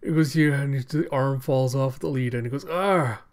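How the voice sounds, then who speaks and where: A man casually reading a comic aloud, describing the panels in a slow, amused way. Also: mid-range voice, fairly even intonation, darkish tone. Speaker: comic reader. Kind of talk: casual read-aloud narration.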